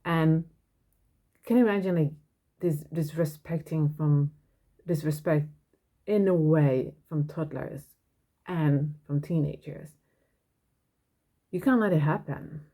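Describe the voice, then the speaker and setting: A woman's voice: sits low, slow pace, pauses often, warm tone. A woman hosting a parenting podcast, talking frankly and earnestly in a casual monologue.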